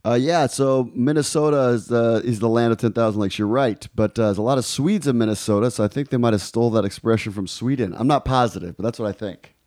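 A man hosting a podcast in easygoing, casual chat, often repeating words and filling pauses. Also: mid-range voice, a little mellow, no echo, studio quality. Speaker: podcast host.

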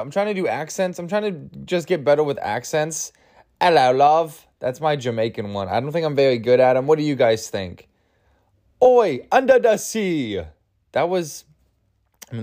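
A man's voice: medium pitch, a little mellow. A man hosting a solo comedy podcast, rambling and crude with self-mocking humor, groggy from an early start. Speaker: podcast host.

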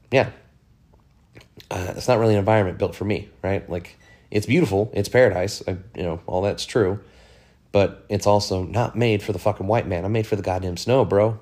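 Talking solo on his podcast, a man rambles frankly and profanely in a casual monologue packed with fillers. His voice sits low and has a darkish tone.

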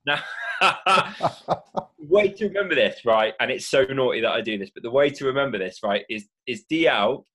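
Husky man explaining brain science. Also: medium pitch, normal speed. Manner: lively, acts out brain reactions with gasps and voices. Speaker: mindfulness speaker. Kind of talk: animated explanatory talk.

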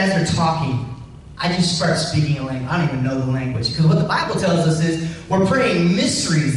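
Preacher guy telling his story, high voice going up and down, big echo, kinda far from the mic. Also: slight background noise. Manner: animated storytelling, rising emphasis. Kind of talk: sermon testimony. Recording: echoey room, voice from a distance.

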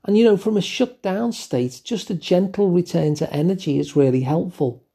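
Gentle, mellow-voiced older English man. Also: high voice, normal speed, vocal fry, husky. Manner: gentle, musing, with fillers and asides. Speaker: host. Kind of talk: reflective solo talk.

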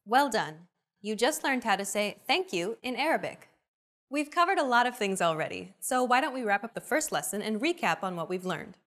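A young adult woman hosting a language lesson, with clear, upbeat, teacherly scripted narration. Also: on the high side, sing-song, moderate pace, fairly bright tone.

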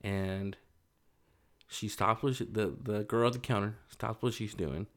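A man's voice: lowish voice, fairly even intonation, a little slow, fairly bright tone. A young man casually telling a personal story, loose and rambling, full of fillers.

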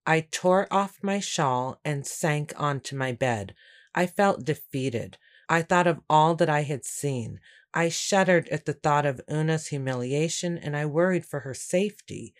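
A woman reading a first-person story aloud in a steady, measured way. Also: low-pitched. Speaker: audiobook narrator. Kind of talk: first-person scripted narration.

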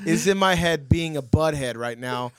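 A man hosting a podcast, telling a story in casual chat, animated and acting out the voices in it. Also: a little high, moderate pace, crowd noise. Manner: animated, acts out quoted voices, laughs often. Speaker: podcast host.

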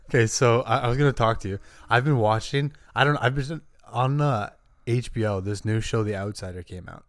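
A man's voice: normal speed, no room sound. Guy rambling thru a story, says like every other word, dry close sound. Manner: rambling storyteller, lots of filler "like", acts out quotes in high voices. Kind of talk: casual chat.

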